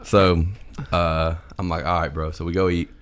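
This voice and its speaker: A man telling a long story in casual chat, animated, swearing and quoting his friends. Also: deep voice, normal speed, clear, resonant tone.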